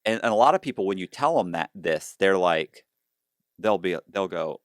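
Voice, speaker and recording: A man's voice: deep voice, animated, moderate pace, dry recording, clean studio sound. A man telling his own story in a casual interview. He restarts often and acts out the dialogue.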